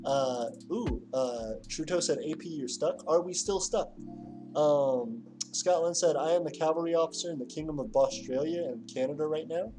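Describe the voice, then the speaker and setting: A man's voice: on the high side, normal speed, over music. A man hosting a livestream in casual chat, reading out viewer comments with lots of fillers and restarts. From Louisiana. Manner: rambling, filler-heavy, reads chat aloud. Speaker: livestream host.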